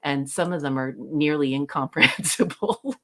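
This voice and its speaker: A Canadian woman co-hosts a livestream, her low voice sharp in tone and moving at a moderate pace. She chats casually, reads viewer comments aloud and laughs often.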